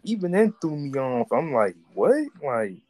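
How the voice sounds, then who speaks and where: A young man hosting a podcast in casual, slangy chat, animated and full of "like". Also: medium pitch, normal speed, low-quality recording. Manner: slangy, animated, repeats filler "like". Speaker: podcast host.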